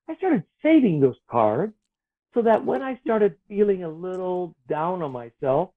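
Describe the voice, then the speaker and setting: Man, gentle earnest talk, fairly high voice, lively swinging pitch, thin phone-like sound. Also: moderate pace. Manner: gentle, earnest, acts out his inner voices. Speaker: author guest. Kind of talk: reflective spiritual conversation. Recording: tinny phone-like line.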